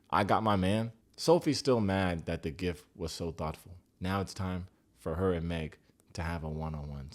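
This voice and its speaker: A man's voice: sits low, darkish tone. Sarcastic American guy recapping reality TV. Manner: joking, sarcastic, blunt, swears freely. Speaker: TV recap reviewer. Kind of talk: casual recap commentary.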